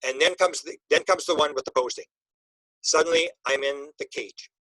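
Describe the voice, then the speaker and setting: A man, an interview guest, telling an emotional personal story in a halting way, with many restarts and repeated words. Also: fairly high pitch, sharp tone, no echo, poor audio.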